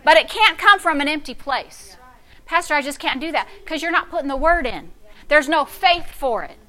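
During a sermon, a middle-aged female pastor tells a story at normal speed in a high voice. Her style is sassy and animated, alternating between hushed and loud moments.

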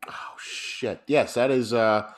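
A man's voice: mid-range voice, steady tone, slow. Laid-back cursing podcast co-host man. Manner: profane, laid-back, joking. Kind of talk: casual chat, movie quote game.

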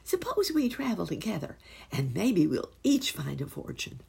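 A woman voicing a small, friendly male circus poodle in a storybook, with an eager, high and breathy little voice. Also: big pitch swings, normal speed, darkish tone, exaggerated voice.

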